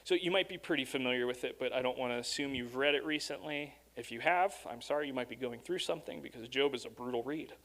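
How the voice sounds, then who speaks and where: A young adult man preaching as a guest speaker in a church, reading rhyming verse with expression and then telling stories in a lively, casual way. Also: mid-range voice, fast, hardly any pauses. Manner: animated storytelling, reads rhyming verse expressively. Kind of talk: sermon.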